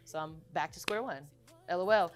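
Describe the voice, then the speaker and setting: A young singer-songwriter with a slightly low voice talks briskly and casually in an interview about her songs. She tells animated stories and laughs often, but grows quieter and softer whenever she reads her lyrics aloud.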